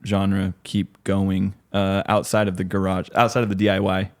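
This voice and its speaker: A man co-hosting a podcast, chatting casually and asking the guest questions. He speaks enthusiastically and swears freely. His voice sits somewhat low. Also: monotone, moderate pace. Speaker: podcast co-host.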